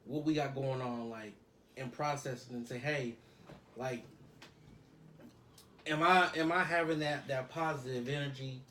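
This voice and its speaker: A man co-hosting a casual podcast, talking in a relaxed, affirming way. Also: mid-range voice, measured pace, pauses often, a little hiss or hum. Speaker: podcast co-host. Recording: roomy, off-mic sound.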